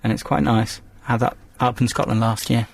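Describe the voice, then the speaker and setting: A man joining the host's banter in the studio. His voice is mid-pitched with a gravelly fry, and he speaks in a laid-back, matter-of-fact way. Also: steady tone, normal speed. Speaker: studio colleague.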